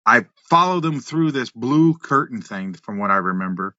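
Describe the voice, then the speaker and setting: A man in his fifties, a podcast guest who tells lively stories from his past, acting out voices, laughing and swearing. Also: medium pitch, moderate pace, dry recording. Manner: animated storyteller, acts out voices, laughs, swears. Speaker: podcast guest, wrestler and musician. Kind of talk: casual storytelling. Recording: dull, slightly lo-fi, dry.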